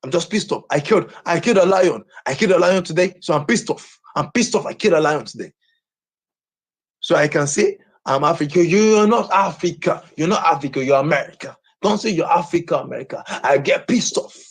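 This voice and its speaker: A man's voice: on the high side, expressive, fairly quick, breathy edge. A Nigerian man ranting on a livestream, agitated and repeating the same phrases over and over.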